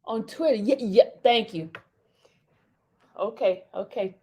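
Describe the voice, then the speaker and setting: A woman hosting a casual livestream, chatting excitably with her viewers and repeating herself often. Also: mid-range voice, slow, breathy edge. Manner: addresses the audience as "y'all" often. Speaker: livestream host.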